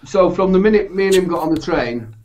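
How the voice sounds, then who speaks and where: A man with a Yorkshire accent telling animated, sweary stories in casual chat. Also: high-pitched, fairly quick. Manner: animated anecdotes, swears, laughs through stories. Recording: dull lo-fi sound.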